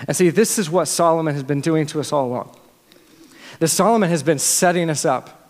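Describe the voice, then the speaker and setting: High pitched guy preaching, earnest and conversational, lots of restarts, big echoey church. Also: brisk, a little mellow. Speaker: pastor. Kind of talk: sermon. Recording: long reverb of a large hall.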